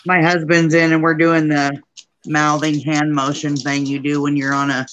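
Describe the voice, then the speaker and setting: A woman's voice: low-pitched, level tone, normal speed, fairly bright tone, dull audio, slight background noise. A woman chatting casually on a crafting live stream from her dining room, laughing often. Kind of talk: casual chat.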